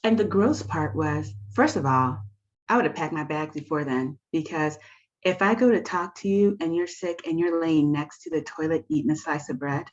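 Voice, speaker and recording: A woman's voice: low-pitched, normal speed, lo-fi sound. A woman co-hosting a casual recap show, blunt and joking as she plays out how she would react.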